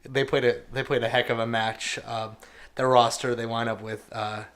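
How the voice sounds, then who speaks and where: A man's voice: medium pitch, level tone, moderate pace, fairly bright tone. A man co-hosting a casual esports chat, playful and joking as he reads out team rosters. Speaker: co-host.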